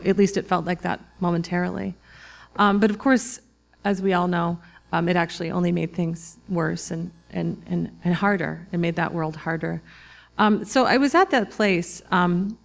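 A woman in her forties speaks to a live audience in a slightly low voice with a gravelly edge. She tells her story reflectively, in halting phrases that often restart. The room sounds like a talk in front of listeners. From Minnesota, US. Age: 40s. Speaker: author giving a talk.

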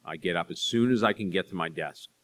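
A middle-aged man, an author, answering audience questions with chatty, self-deprecating stories and quick asides. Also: low voice, a bit bright. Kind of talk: live Q&A storytelling.

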